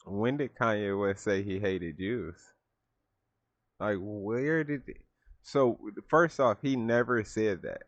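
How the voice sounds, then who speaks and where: A man hosting a reaction video, talking in a casual, animated and incredulous way. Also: on the low side, takes it slowly, dry recording, dull audio. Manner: animated, incredulous, laughs often. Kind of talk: casual commentary reacting to a clip.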